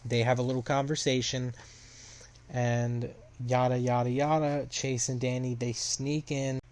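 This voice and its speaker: A man's voice: mid-range voice, flat delivery, measured pace, darkish tone. A young man casually recapping a story plot, rambling with lots of fillers.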